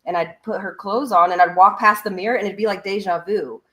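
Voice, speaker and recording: A woman guest on a podcast, telling a personal story in a lively way and acting out what others said. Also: mid-range voice, a little fast. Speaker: podcast guest, construction business owner.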